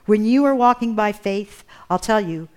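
A woman's voice: mid-range voice, expressive, normal speed, darkish tone, clear, resonant tone. A woman preaching a sermon in an earnest way, building intensity through emphatic repetition.

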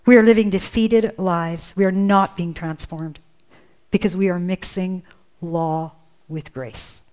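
A woman's voice: lowish voice, fairly even intonation, unhurried, darkish tone. A woman preaching a sermon, earnest and emphatic, often asking rhetorical questions.

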